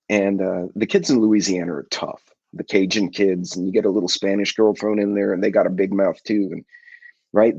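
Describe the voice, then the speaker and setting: A middle-aged man hosting a casual live chat with viewers, telling rambling folksy stories and clearing his congested throat often. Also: lowish voice, darkish tone, no room sound, lo-fi sound. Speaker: livestream host.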